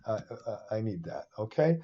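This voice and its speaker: A man giving a casual, rambling lecture on a screen share, excitable and often interrupting himself. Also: lowish voice, moderate pace, slightly rough, muffled recording. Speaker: finance instructor.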